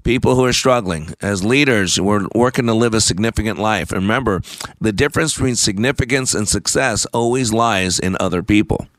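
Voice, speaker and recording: A man's voice: on the low side, a little fast, fairly bright tone, dry recording. A man hosting a radio show, talking in an emphatic, repetitive, sermon-like way. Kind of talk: preachy talk radio monologue.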